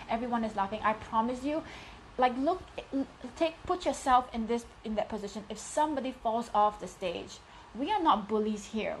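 A middle-aged woman hosting a livestream, giving a casual motivational talk in a frank, animated way with bursts of emphasis. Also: on the high side, slight background noise, rough recording. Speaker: host of a women's group livestream.

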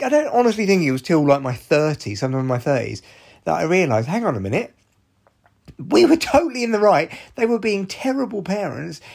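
A man with a mid-range voice talks alone on his podcast. He is frank and swears freely. His delivery is loose and rambling, full of restarts and side remarks. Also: mid-range voice. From Scotland. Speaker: podcast host. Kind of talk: casual monologue.

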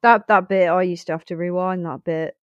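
A woman's voice: fairly low pitch, steady tone, brisk, dull audio. A woman co-hosting a film podcast, casual and playful chat with laughter. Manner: playful, laughs, does silly voices.

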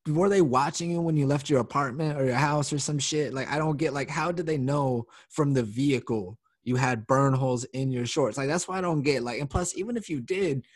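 A man's voice: mid-range voice, brisk, few pauses, no room sound, studio quality. A man hosting a podcast in a casual chat, agreeing with his guest in an incredulous, profane way. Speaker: podcast host.

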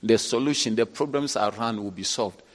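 A man, a bishop preaching a sermon, who swings from low, quiet asides up to laughing shouts. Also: moderate pace. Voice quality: animated, rising to shouts and laughter. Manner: preaching with call-outs and acted quotes. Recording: long reverb in a large hall.

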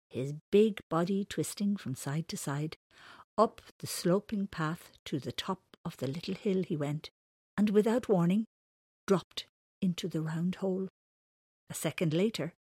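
A woman reading a children's storybook aloud in a slow, gentle manner. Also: on the low side, husky, no room sound. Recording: dry close recording.

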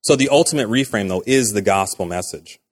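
Low-voiced man preaching conversationally. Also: a little fast. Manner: conversational, with restarts and quoted dialogue. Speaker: pastor. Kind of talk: sermon.

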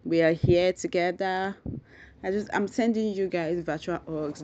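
A woman hosting a solo podcast, rambling and thinking out loud, effusively grateful to her listeners. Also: fairly low pitch, fairly even intonation, unhurried. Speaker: podcast host. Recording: dull lo-fi recording.

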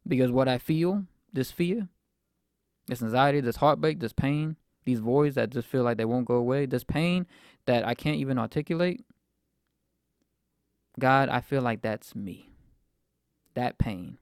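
Young male podcast host, mid-twenties, gravelly, dry close sound, rambling faith testimony. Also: medium pitch, unhurried, long pauses, no echo. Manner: reflective, rambling with fillers.

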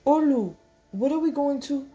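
Woman playing a panicked teen girl shouting. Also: high voice, moderate pace, muffled recording, faint music behind, pitched above the performer's own voice, close to an everyday voice. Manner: frantic, shouting, near tears. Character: frightened teenage girl in panic.

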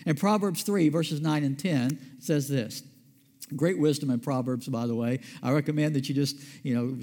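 High-voiced man preaching in a reverberant hall. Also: darkish tone. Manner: conversational preaching with rhetorical questions. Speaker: pastor. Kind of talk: sermon. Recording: long reverb of a large hall.

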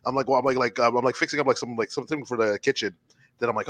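A man's voice: mid-range voice, very fast. A man telling a wild story in casual podcast chat, laughing and swearing as he goes. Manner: animated, laughing, swearing often. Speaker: podcast co-host.

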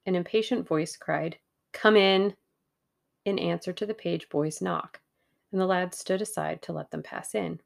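Gravelly, low-voiced woman narrator. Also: steady tone, normal speed, darkish tone. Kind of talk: audiobook reading.

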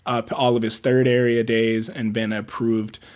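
A man's voice: mid-range voice, unhurried, clean tone. A man who works as a production assistant, telling stories from film sets in a casual interview, acting out quotes and laughing often. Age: older than typical entry-level peers. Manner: animated storyteller, acts out quotes, laughs often.

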